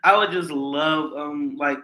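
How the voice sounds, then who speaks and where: A man's voice: a little high, slow, background noise. A young man co-hosting a podcast, laid-back and laughing often as he trades stories in casual chat. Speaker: podcast co-host. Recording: echoey room.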